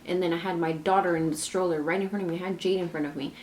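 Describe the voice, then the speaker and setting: A young mother telling a storytime vlog in a chatty, run-on way, filling it with "like" and quoted back-and-forth. Her voice sits a touch low for a woman, with faint noise behind. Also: steady tone, racing, a little mellow. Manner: chatty, retells scenes with many "like"s and quoted dialogue. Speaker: vlogger and mother.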